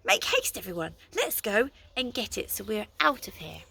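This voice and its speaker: A woman voicing a fussy, flustered young male wizard who talks in a high-pitched voice, for a storybook reading. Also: huge pitch swings, normal speed, creaky, bright, forceful tone, husky, full character voice.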